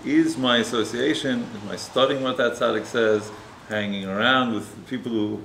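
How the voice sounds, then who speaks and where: A rabbi preaches and tells a story in a conversational way, frequently closing points with tag questions. His mid-range voice is gravelly yet fairly bright, steady in tone and moderate in pace, recorded with roomy echo and faint noise.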